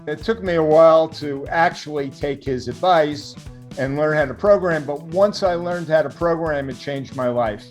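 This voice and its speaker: A man's voice: a little high, normal speed, soft background music. An older man with a New York accent, a guest fund manager talking casually and reflectively, with hesitant fillers, from his home over a remote call. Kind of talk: casual interview talk.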